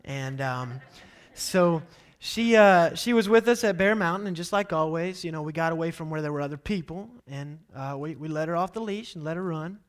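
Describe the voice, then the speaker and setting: A man in his thirties, a pastor giving a sermon with animated storytelling. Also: on the high side, normal speed, clean tone. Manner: animated storytelling, acts out quotes loudly.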